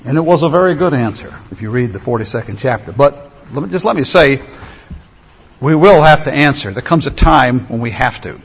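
A man preaching a sermon, emphatic, stretching key phrases slowly. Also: medium pitch, expressive, breathy edge. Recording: echoey hall, dull lo-fi sound.

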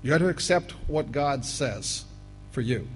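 A man preaching a sermon, reading scripture aloud and breaking off to address the listeners as folks, rising now and then to loud emphatic bursts. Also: fairly high pitch, expressive, unhurried, soft background music, low-quality recording.

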